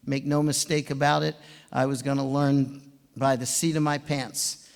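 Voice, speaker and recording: A man's voice: mid-range voice, moderate pace, vocal fry. A man in his seventies, a swim coach, giving an anecdotal induction speech and chuckling as he tells his stories. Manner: animated storyteller, chuckling. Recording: long hall reverb.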